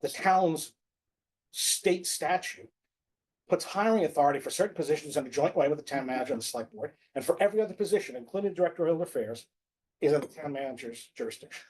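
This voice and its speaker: Town official, man, high voice, insistent and stammering, apologetic under pushback. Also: expressive, quick pace, darkish tone, slightly rough. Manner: insistent, stammering restarts, apologetic when challenged. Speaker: town official at a public meeting. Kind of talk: heated public meeting debate.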